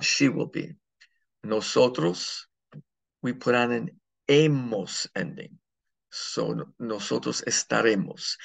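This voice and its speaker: A man's voice: medium pitch, creaky, a bit bright, breathy edge. A man teaching a grammar lesson, walking through examples step by step and checking understanding with frequent "okay?"s. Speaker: Spanish teacher. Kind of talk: classroom lesson.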